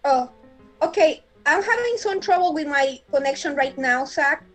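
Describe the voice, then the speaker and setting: High-voiced woman playing a tabletop game. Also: expressive, normal speed, soft background music, low-quality recording. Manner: earnest, persuasive, stumbling on words. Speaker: player.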